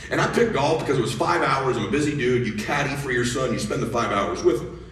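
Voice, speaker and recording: A middle-aged motivational speaker with a mid-range, fairly bright voice tells an animated story at a quick pace, acting out the dialogue for his audience. The recording comes from a large, echoey hall where the crowd laughs, and his voice sounds far off.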